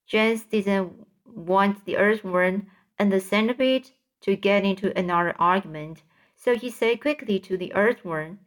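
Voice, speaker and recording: A woman's voice: medium pitch, unhurried. A woman reading a children's book aloud in a careful way, with small stumbles. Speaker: storyteller.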